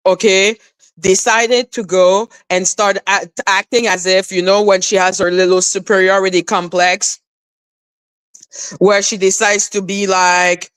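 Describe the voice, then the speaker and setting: A woman's voice: mid-range voice, little pitch movement, measured pace, a bit bright, clear, resonant tone, no echo. A woman from Canada, giving an upset, indignant livestream monologue. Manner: indignant, profane, exasperated.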